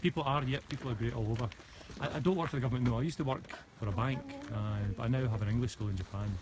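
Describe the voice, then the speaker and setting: Racing in a medium-pitched voice over lo-fi sound, a West of Scotland live-streamer walks a mountain forest path holding his phone. His casual chat answers comments and keeps restarting, with clear outdoor noise behind.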